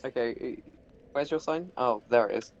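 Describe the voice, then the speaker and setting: A man's voice: medium pitch, moderate pace, a little hiss or hum. Easygoing man on a dull mic. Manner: easygoing, short replies, laughs a lot. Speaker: gamer recording the session. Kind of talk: casual gaming chat.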